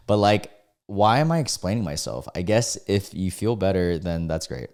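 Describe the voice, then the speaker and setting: A man's voice: sits low, expressive, normal speed, darkish tone. A young man giving casual, laughing reaction commentary on online posts, incredulous and slangy. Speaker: YouTuber reading out online posts.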